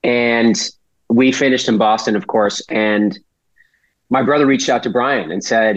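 A man's voice: fairly low pitch, measured pace, no room sound. A man from Massachusetts, a podcast guest telling a rambling story and swearing freely. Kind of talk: casual storytelling. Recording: dull dry lo-fi audio.

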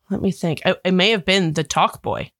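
A woman's voice: fairly low pitch, unhurried, dry recording, studio quality. A woman in her thirties, chatting casually as a podcast co-host and acting out the people in her stories. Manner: animated storyteller, acts out quoted voices. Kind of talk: casual chat.

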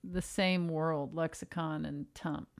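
A woman co-hosting a comedy podcast in casual chat, teasing with dry deadpan humor. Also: deep voice, slow, vocal fry. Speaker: podcast co-host.

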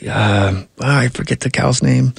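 A man's voice: mid-range voice, unhurried, creaky, slightly rough, no echo. A man, a comedian and actor, telling rambling anecdotes in a casual interview, often cutting himself off.

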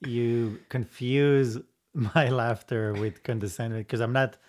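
A man co-hosting a podcast in casual chat, calmly explaining his side. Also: mid-range voice, slow pace. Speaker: podcast co-host.

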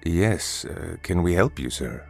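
A man's voice: sits low, expressive, measured pace, gravelly, faint music behind, exaggerated voice. A man voicing a friendly, polite husband in a read-aloud story, speaking in a slightly hesitant way. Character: friendly husband, adult man, welcoming host. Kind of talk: storybook narration.

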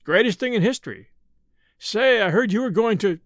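A man's voice: high-pitched, very animated, unhurried, no echo, clean studio sound. A man voicing a hearty, plain-spoken farmer neighbor on the phone.

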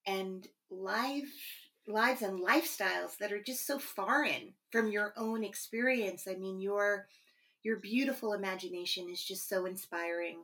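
A woman's voice: mid-range voice, a little slow, fairly bright tone. A woman hosting a podcast interview, speaking in a gushing, effusive way to her guest and then closing the show. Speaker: podcast host.

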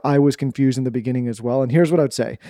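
A man hosting a podcast, reading a sponsor ad in a steady, quick delivery. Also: mid-range voice, dry recording, clean studio sound. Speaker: podcast host. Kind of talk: host-read ad.

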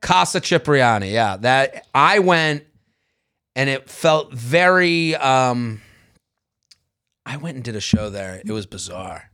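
A man co-hosting a chatty podcast, talking in rambling, halting bursts with frequent restarts and laughs. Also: medium pitch, animated, pushed and bright, clear, resonant tone. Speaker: podcast co-host, comedian. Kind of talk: casual chat.

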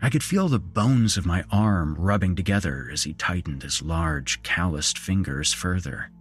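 Deep slow guy telling a horror story, grim, pitch swings a lot. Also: animated, faint music behind.

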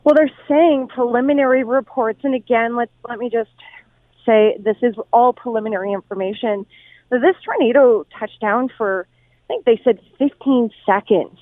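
A woman news reporter on the scene, talking in a halting way, repeating words and restarting sentences over the phone. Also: a little high, no echo. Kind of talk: live phone interview. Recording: tinny dry phone line.

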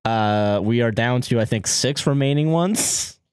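A man's voice: mid-range voice, a little slow, smooth, no echo, studio quality. A man co-hosting a casual podcast, coming down with a cold so his voice turns nasal, rambling and laid-back with casual swearing. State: getting sick, nasal voice. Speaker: podcast co-host.

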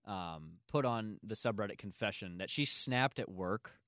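A man hosting a casual podcast, telling a long story full of filler words and breaking into loud laughs. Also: lowish voice, lively intonation, moderate pace, dry recording, studio quality. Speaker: podcast host.

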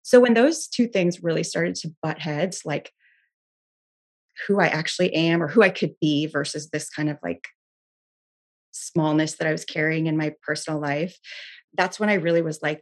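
A woman's voice: deep voice, moderate pace. A woman being interviewed, earnestly telling a personal story in a candid way, often saying "like" and restarting her sentences. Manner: earnest, frequent filler "like", restarts. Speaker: interview guest.

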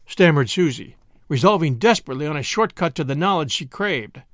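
A man narrating a classic short story in an expressive storytelling manner. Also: on the high side, brisk, no echo, studio quality. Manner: expressive storytelling, lively delivery. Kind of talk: audiobook reading of a classic story.

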